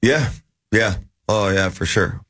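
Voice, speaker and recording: Deep-voiced man rambling on sports radio. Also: slow, a bit bright, no echo, clean studio sound. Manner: rambling, with many restarts. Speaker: sports radio co-host, former hockey player. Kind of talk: casual sports radio chat.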